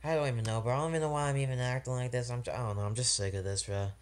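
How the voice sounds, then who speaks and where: A man's voice: mid-range voice, racing. Young man ranting in a casual music review. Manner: rambling, heavy slang and swearing, frustrated. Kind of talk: casual album review vlog.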